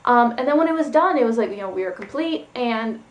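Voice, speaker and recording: A woman's voice: fairly high pitch, expressive, fast talker. A woman telling a personal story in a casual vlog, rambling and loose with lots of "like" and "um". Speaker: spiritual vlogger. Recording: echoey room.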